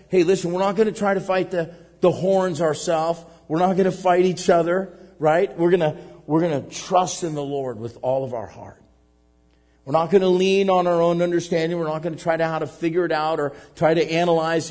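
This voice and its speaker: Middle-aged preacher guy, kinda high voice, stammers and restarts a lot, big echoey church hall. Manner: animated, repetitive stammering restarts, swings from loud to hushed. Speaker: pastor, missionary. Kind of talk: preaching a sermon with a personal story. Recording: long hall reverb.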